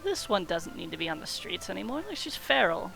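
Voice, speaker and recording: A woman's voice: fairly low pitch, big pitch swings, brisk, gravelly, over music, full character voice, poor audio. Woman playing a coaxing, scheming schemer. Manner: coaxing, persuasive. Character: scheming woman tempting with gold.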